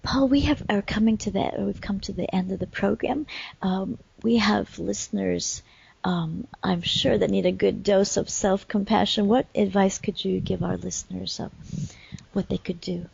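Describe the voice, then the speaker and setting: A woman's voice: medium pitch, fairly even intonation, moderate pace, vocal fry, darkish tone, breathy edge, no room sound. A woman hosting an interview who often murmurs short affirmations and closes the program. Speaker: host. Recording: dull, dry interview audio.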